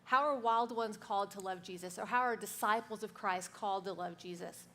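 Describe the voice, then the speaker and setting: A woman sharing the sermon, reading scripture in a steady, measured way. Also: medium pitch.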